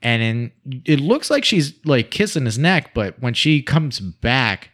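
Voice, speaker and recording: Brief: man, mid pitch, dry wry recap chatter. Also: big pitch swings, unhurried, fairly bright tone. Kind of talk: casual recap chat.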